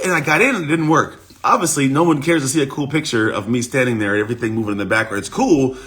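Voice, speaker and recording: A man coach giving an energetic motivational talk on a livestream, his voice rough from the morning. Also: medium pitch, fast talker, few pauses. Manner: energetic, repetitive, talks straight to viewers. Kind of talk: live-streamed motivational talk.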